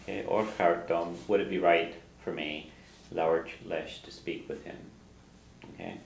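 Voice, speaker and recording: A man's voice: low voice, steady tone, unhurried, gravelly. A man teaching a language class, patiently explaining and repeating phrases for his students, chuckling now and then. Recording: roomy classroom echo, faint noise.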